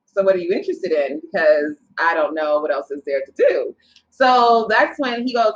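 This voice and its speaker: Young woman telling a story, animated. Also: mid-range voice. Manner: animated, quotes people in her story, quick asides. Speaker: guest. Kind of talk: casual storytelling. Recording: slightly dull lo-fi sound.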